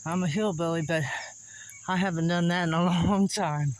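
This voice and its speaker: A vlogger who explores old sites narrates casually on camera while hiking up a wooded hillside, out of breath and laughing between gasps as he chats folksily. His voice is fairly high with fairly even intonation at a normal speed, on a low-quality recording with insects and crickets in the background.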